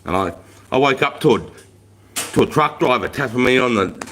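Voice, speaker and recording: A man's voice: medium pitch, expressive, normal speed, long pauses, fairly bright tone, a little hiss or hum. An Australian man in his forties hosting a casual livestream, telling blunt, profane stories and chatting with viewers. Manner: blunt, swearing, slangy storyteller. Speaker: livestream host. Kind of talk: casual livestream chat, reading comments.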